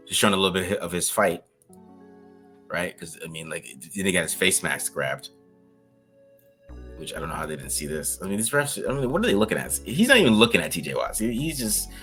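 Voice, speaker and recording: A man with a deep, slightly bright voice co-hosts a casual podcast, loosely breaking down game film in a review-style chat. He talks freely, restarting often and laughing a lot.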